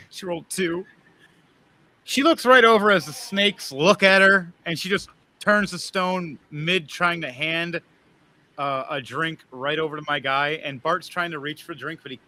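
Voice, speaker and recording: A man's voice: a little high, measured pace, bright, forceful tone. A man narrating as game master, rambling and often laughing.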